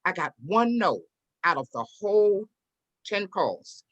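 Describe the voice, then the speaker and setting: A real estate investor and business owner, appearing as an interview guest, tells a personal story slowly in a medium-pitched voice. She is an animated storyteller who acts out the voices of the people she quotes.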